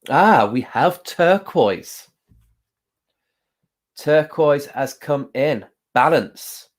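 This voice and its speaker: A man hosting a casual live stream, talking gently with many pauses and fillers and greeting viewers by name. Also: medium pitch. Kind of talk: casual live-stream chat with card reading.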